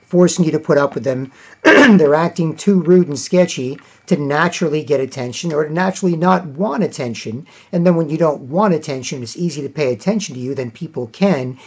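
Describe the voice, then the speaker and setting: A man's voice: fairly high pitch, brisk. Rambling Canadian man, lo-fi audio. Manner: rambling, repetitive, frequent throat clearing. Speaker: video blogger. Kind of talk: casual monologue to camera.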